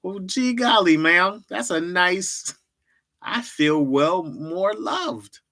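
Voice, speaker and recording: A man's voice: sits high, lively intonation, slow pace, bright, forceful tone, voice pushed up, heavily acted. A man voicing a sweet-talking Southern country local with a clumsy, exaggerated Southern drawl. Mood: syrupy. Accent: put-on Southern US country drawl.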